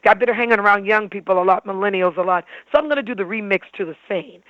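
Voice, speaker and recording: A man's voice: high-pitched, fast talker, hardly any pauses, no room sound, dull audio. A man speaking as a guest communication trainer in an interview, emphatic and persuasive. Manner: emphatic, persuasive, acts out examples. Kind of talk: animated interview talk.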